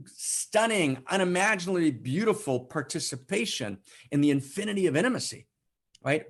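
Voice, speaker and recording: A man hosting an online spiritual broadcast, fervent and impassioned, swinging from loud declarations to hushed asides and keeping up a constant tag of "right?". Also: fairly high pitch. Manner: keeps adding "right?" as a tag. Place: home setup for an online broadcast.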